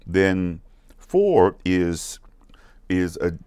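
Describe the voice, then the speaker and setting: Man, music teacher, American accent, slow delivery, dry close sound. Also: deep voice, sing-song, a little mellow, smooth, no room sound. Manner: repeats words slowly, asks questions to check along. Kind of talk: slow, patient lesson for kids.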